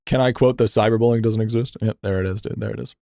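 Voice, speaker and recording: A man's voice: quick pace, vocal fry, no room sound. Profane, rambling young male streamer, dry. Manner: profane, rambling, repeats himself with stammered restarts; animated, voice jumps higher when venting. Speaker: game streamer. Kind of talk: casual live-stream rant, reading chat.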